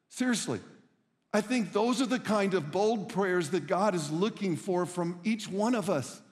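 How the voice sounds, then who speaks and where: Middle-aged male pastor, earnest storyteller, slightly high voice, long hall reverb. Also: moderate pace. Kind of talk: sermon.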